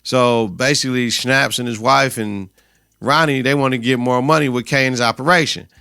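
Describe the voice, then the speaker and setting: Male podcast host with a bright, edgy voice, casual and profane, recorded dry and close. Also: medium pitch, fairly even intonation, moderate pace, smooth, no echo. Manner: loose, slangy, profane storytelling. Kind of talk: casual episode recap.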